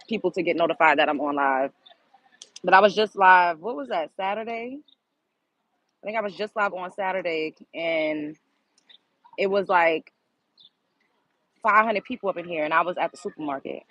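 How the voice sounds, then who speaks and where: A woman's voice: lowish voice, a bit bright, highs cut off. A woman hosting a live stream, chatting casually and exclaiming straight to her viewers. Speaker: livestream host.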